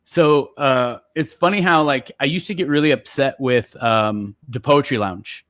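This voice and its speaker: A man telling stories in relaxed, casual chat as a guest poet, with lots of fillers. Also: medium pitch, a little slow, no echo, clean studio sound. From San Jose area. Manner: relaxed, chatty storyteller with many fillers.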